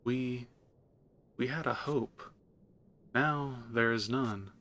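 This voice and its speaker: A man's voice: mid-range voice, takes it slowly, fairly bright tone, a little hiss or hum. A man voicing an anxious, pleading young prince while reading game dialogue aloud. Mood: broken, quiet. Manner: pleading and flustered. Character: anxious young royal son, devoted to his mother.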